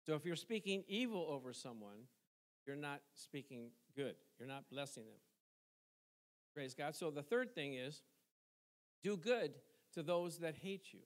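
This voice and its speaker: A man's voice: fairly high pitch, animated, a little slow. A middle-aged male pastor preaching a sermon in a conversational way, tossing questions to the congregation and chuckling between points. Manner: conversational preaching with call-and-response asides and chuckles.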